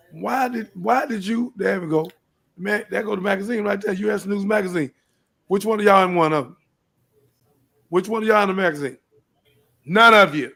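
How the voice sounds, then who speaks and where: A man's voice: high voice, creaky. An older man from Houston, Texas, hosting his own live show and urging young people to stop the violence, repeating himself and rising into pleading questions. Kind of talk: preachy live-stream talk.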